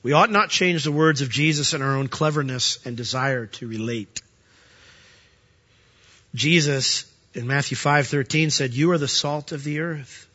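A man preaching a sermon as pastor, animated, acting out the voices of the people he quotes. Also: fairly high pitch, breathy edge. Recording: dull lo-fi sound.

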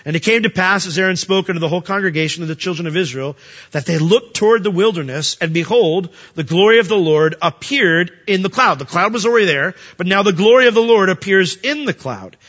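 A male pastor with a bright, slightly high voice, teaching through scripture in a relaxed, conversational way. He reads the verses and then explains them to the congregation. The sound is a little dull and rings in a large hall. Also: brisk.

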